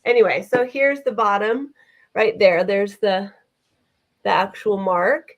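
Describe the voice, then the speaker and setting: A woman's voice: medium pitch, fairly even intonation, a little slow, lo-fi sound. A woman co-hosting a live vintage sale, chatting enthusiastically as she describes items. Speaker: vintage seller co-host.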